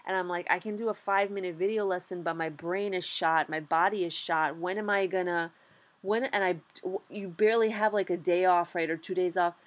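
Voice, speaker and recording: Animated young woman vlogging her trades. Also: fairly low pitch, brisk. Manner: animated and candid, lots of "like" and swearing. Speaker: beginner stock trader vlogger. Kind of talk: casual vlog recap.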